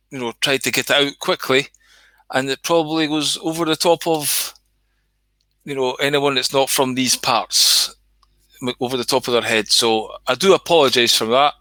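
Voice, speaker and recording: A man's voice: medium pitch, bright, forceful tone, dry recording. A Scottish man hosting a casual, rambling livestream chat, swearing now and then and greeting viewers by name. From Scotland. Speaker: livestream host.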